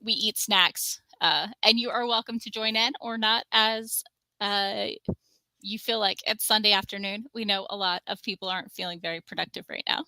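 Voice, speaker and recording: A woman's voice: medium pitch, fairly even intonation, moderate pace, pushed and bright, no echo. A woman hosting a casual livestream, talking in a chatty, rambling way and cooing at her cat now and then. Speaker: livestream host.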